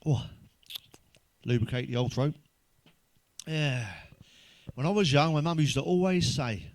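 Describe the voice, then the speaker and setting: A man's voice: fairly high pitch, measured pace, pauses often. A middle-aged man telling crude jokes in a blunt stand-up monologue, swearing constantly. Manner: blunt, heavy swearing, does character voices in jokes. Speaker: stand-up comedian.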